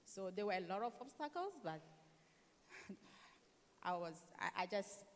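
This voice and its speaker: A woman's voice: mid-range voice, very animated, a little slow. A woman entrepreneur on a panel, telling her story with determination. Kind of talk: panel answer. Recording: hissy hall reverb.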